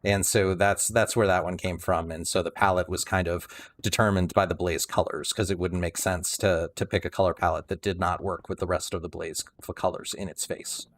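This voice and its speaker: A man's voice: low-pitched, level tone, a little fast. A man livestreaming a building game, rambling casually with many restarts and some dry sarcasm.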